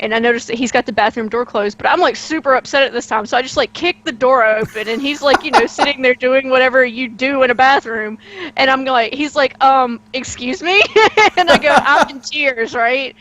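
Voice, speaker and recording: A woman co-hosting a tabletop game recap, telling stories in an animated way and laughing as she goes. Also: high voice, normal speed. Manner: laughs through anecdotes, animated. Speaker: player and co-host. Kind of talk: casual storytelling chat.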